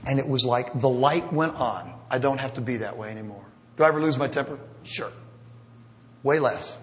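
A middle-aged pastor gives a sermon in a church sanctuary, talking conversationally, making fun of himself, and dropping in humorous asides. His mid-range voice moves at a normal speed. Long church-hall reverb and slight background noise are present in the recording.

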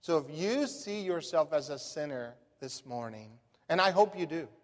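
Preacher guy, high voice, folksy storytelling sermon, big echoey hall. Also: expressive, moderate pace. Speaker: pastor. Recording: long reverb of a large hall.

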